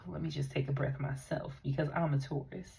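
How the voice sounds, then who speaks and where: A woman's voice: low-pitched, fairly even intonation, brisk, gravelly, noisy background. A woman giving a tarot reading in an earnest, emotional way, with many fillers as she talks. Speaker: tarot reader. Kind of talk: intuitive tarot reading monologue.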